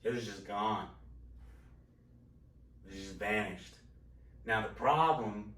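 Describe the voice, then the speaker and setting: A man with a fairly low voice tells a personal story at podcast-chat pace, candid and loose with swearing. He drifts and circles back as he talks. The sound is roomy, and he sits back from the mic. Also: a bit bright, distant mic. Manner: candid, profane, rambling storyteller. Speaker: podcast host.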